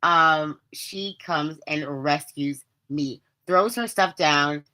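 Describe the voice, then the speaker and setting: A woman hosting her podcast, telling a story in a casual, animated and dramatic way, often laughing and using chatty slang. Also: deep voice, slow pace. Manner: chatty slang, addresses listeners as babes. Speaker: podcast host.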